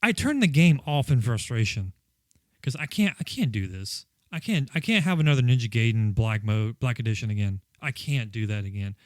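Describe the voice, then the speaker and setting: A man's voice: medium pitch, animated, normal speed, dry recording. A man co-hosting a casual podcast, telling a frustrated, profane story about a video game. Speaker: podcast co-host.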